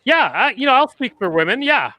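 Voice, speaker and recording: A man hosting a talent show with a drawn-out, sing-song showman delivery. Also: extremely high pitch, sing-song, bright, forceful tone, slight background noise.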